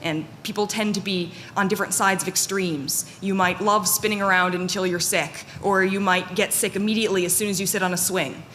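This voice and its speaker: A woman's voice: mid-range voice, fairly even intonation, fairly quick, hardly any pauses, fairly bright tone. Candid woman speaking in a reverberant hall. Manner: candid, self-deprecating, with frequent fillers and restarts. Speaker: conference panel speaker. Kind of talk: personal talk to an audience. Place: conference hall with audience. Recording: long hall reverb, faint room noise.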